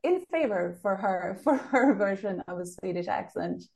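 A woman's voice: medium pitch, expressive, normal speed, a little mellow. A woman co-hosting a podcast, talking about a TV show in a friendly, giggly and thoughtful way. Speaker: podcast co-host. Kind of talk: casual chat about a TV show.

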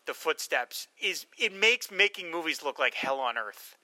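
Brief: male co-host, bright tense tone, talks films loosely and acts out scenes. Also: on the high side, dry recording. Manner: rambling, animated, acts out film scenes in quick voices. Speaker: podcast co-host. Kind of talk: casual film discussion.

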